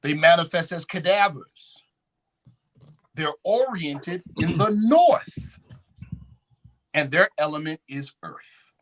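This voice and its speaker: Man, conference lecture, lively swooping delivery, quizzes the audience. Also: on the high side, slow pace, long pauses, slight background noise. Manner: animated, call-and-response questions. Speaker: conference speaker. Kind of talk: lecture with slides. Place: conference hall.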